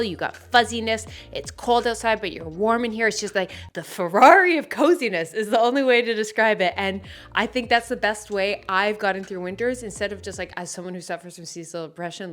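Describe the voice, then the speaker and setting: A woman's voice: mid-range voice, fairly bright tone. A woman with a Canadian accent talking casually to camera as a wellness YouTuber, chatty and upbeat with jokey asides.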